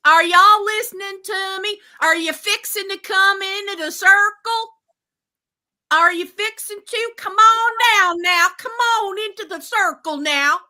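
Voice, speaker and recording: A woman putting on a loud, folksy Southern voice, hollering at a group to come into the circle. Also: extremely high pitch, measured pace, pitched above the performer's own voice, exaggerated voice. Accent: American Southern.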